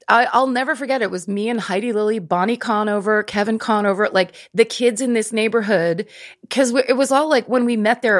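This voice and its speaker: A woman in her fifties, a podcast guest, chatting casually and telling stories in quick animated bursts. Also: medium pitch, no echo, clean studio sound. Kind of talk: casual chat.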